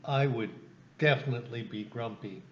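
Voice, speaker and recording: A man's voice: medium pitch, moderate pace, highs cut off, slight background noise. A man listening to a picture book being read and adding brief dry comments. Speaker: parent listening to a story.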